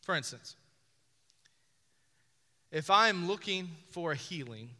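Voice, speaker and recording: A man delivers a sermon in a strikingly bright, high-pitched voice, pressing his points with repeated phrases and rising emphasis. His words ring out through a hall with a long reverberant tail. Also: lively intonation, slow pace. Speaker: pastor.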